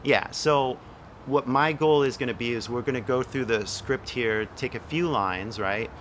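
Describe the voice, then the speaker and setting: A man's voice: mid-range voice, normal speed, fairly bright tone, slight background noise. Chatty young man coaching an accent. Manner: loose, chatty, swears casually, lots of "like" and "right?". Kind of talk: casual one-on-one coaching.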